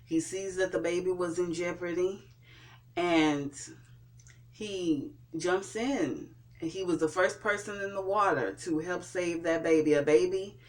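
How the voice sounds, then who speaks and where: A TV show reviewer talks through an episode recap at a very slow, unhurried pace. The telling is halting, full of fillers and restarts. The voice sits at an ordinary middle pitch. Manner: hesitant, with frequent fillers and restarts.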